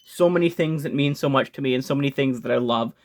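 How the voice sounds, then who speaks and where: A young man hosting a casual video game ranking vlog, talking fast and excitedly, gushing and swearing casually with frequent restarts. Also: medium pitch. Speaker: video game channel host.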